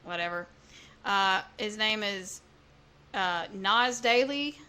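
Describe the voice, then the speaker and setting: A woman's voice: medium pitch, slow, sharp tone, smooth. A woman co-hosting a podcast in casual chat, talking emphatically and repeating herself. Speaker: podcast co-host.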